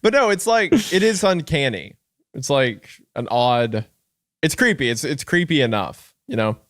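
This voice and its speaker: Laughing, animated male podcast host. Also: unhurried, dry recording, clean studio sound. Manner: animated, laughs often, reads narration in a lower hushed tone. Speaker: podcast co-host reading a story. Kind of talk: casual horror podcast chat with story reading.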